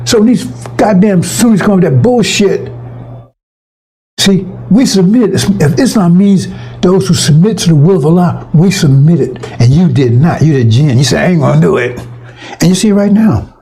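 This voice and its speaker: A man's voice: high voice, normal speed, warm tone, slightly rough, poor audio. A man preaching an informal, fiery sermon to his congregation, emphatic and profane, often stumbling and restarting his words.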